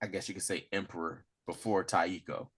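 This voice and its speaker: A man co-hosting a casual chat, relaxed and joking as he adds to the recap. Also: low-pitched, fairly quick, crowd noise. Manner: relaxed, joking, lots of agreeing murmurs. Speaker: podcast co-host.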